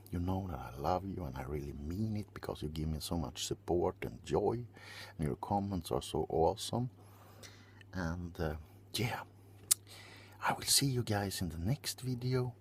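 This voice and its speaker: A man hosting an ASMR channel, giving a rambling whispered rant and slipping between whisper and quiet voice. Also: deep voice, expressive, normal speed, slight background noise.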